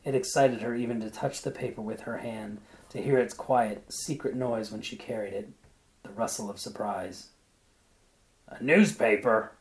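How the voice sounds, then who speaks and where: Brief: a lower-voiced man reading a short story aloud, then reflecting on it in a thoughtful way. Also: fairly even intonation, moderate pace, dark tone. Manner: thoughtful, searching for words. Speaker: reader.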